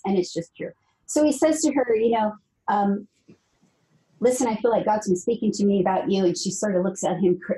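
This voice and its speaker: Earnest woman with a mellow voice. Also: medium pitch, low-quality recording. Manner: earnest, emphatic, repeats phrases. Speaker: guest author. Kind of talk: conversational storytelling.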